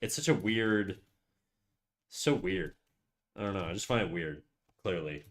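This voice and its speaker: At a measured pace, a Canadian streamer with a low voice and lively intonation rambles to viewers during a drawing livestream. The chat is casual, and he often drops into a quiet mutter while working.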